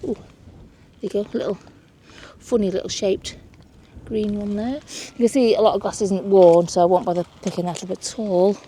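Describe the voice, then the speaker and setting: A woman's voice: medium pitch, steady tone, moderate pace, dark tone, slight background noise. Woman host, outdoor beach vlog, chatty and exclamatory. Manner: chatty, exclaiming over finds. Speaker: mudlarking vlogger. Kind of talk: casual chat while searching a beach.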